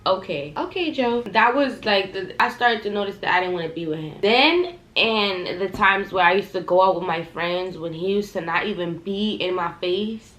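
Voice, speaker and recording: A young adult woman telling a storytime vlog, animated and profane, talking straight to her viewers. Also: medium pitch, moderate pace, hardly any pauses. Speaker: vlogger. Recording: echoey room, faint ambience.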